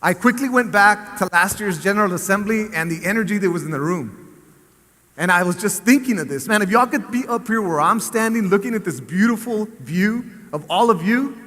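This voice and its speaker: A man, a school district superintendent giving an animated motivational speech and telling a story to a staff assembly. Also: high voice, a little fast. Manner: animated storyteller, rising to cheering shouts. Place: large assembly hall. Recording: echoey hall with long reverb.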